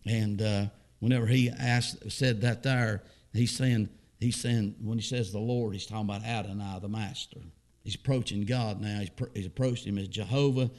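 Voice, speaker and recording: A man's voice: fairly even intonation, moderate pace. Fervent preacher man, climbing voice. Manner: fervent, voice climbing high and loud at emphatic points; repeats phrases for emphasis, plain folksy asides. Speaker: pastor. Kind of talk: sermon, scripture reading with commentary.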